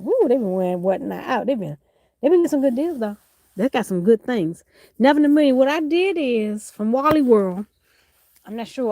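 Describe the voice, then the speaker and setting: A woman hosting a casual livestream, reading viewer comments aloud and greeting people by name with bursts of excitement. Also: fairly high pitch, no echo. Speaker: livestream host.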